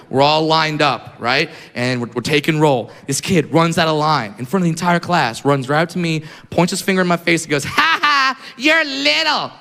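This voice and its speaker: Before a live audience in a hall, a stand-up comic from California delivers brash, crude, punchy material in a slightly high voice, mocking others with silly voices. The crowd is loud and background noise is audible.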